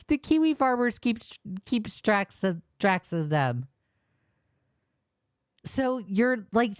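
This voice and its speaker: A woman's voice: fairly high pitch, dry recording, clean studio sound. A woman hosting a casual reaction commentary, sounding exasperated and rambling, often restarting her sentences. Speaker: commentary host.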